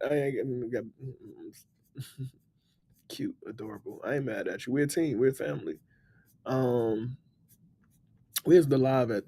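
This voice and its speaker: A man's voice: mid-range voice, dark tone. A man with a DC accent chatting casually on a livestream, laughing and talking straight to his viewers. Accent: Washington DC. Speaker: livestream host and book writer.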